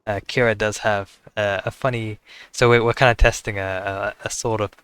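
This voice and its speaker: A man hosting a podcast, wrapping up the episode in a relaxed, hesitant way with lots of fillers. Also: on the low side, moderate pace, clean tone, no echo. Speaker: podcast host. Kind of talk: casual chat.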